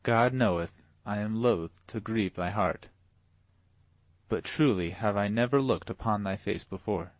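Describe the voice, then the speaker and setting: A man reading a storybook voicing a calm, proud boy prince in formal archaic speech. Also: lowish voice, unhurried, no room sound, natural voice. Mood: gentle dignity.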